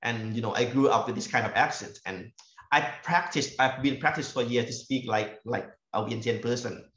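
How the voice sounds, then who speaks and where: A man with a Thai accent, from northeastern Thailand, giving an academic talk about his fieldwork as a university lecturer, halting and repeating words as he searches for phrasing. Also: mid-range voice, fairly bright tone. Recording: echoey, dull lo-fi room recording.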